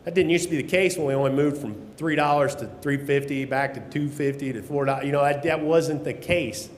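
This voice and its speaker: A man delivers a blunt, folksy conference talk with the odd curse word. His voice sits a little high for a man. The sound rings around a large hall with a long, roomy reverb. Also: steady tone, brisk, slight background noise. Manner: blunt, folksy, mild swearing. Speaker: keynote speaker on grain marketing.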